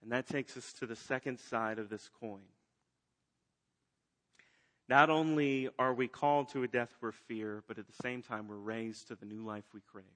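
A man preaching a sermon, swinging between loud emphatic lines and hushed ones. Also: medium pitch, steady tone, moderate pace. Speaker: pastor.

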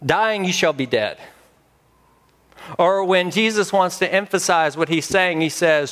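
A man preaching a sermon as pastor, emphatic with dramatic pauses. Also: high-pitched, a bit bright.

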